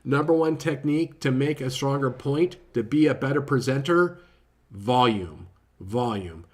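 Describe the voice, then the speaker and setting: A man giving a casual spoken book review, informal and self-correcting, often tagging his points with "right?" and tending to talk quietly and quickly. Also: on the high side. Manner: says he often speaks too quietly and too fast.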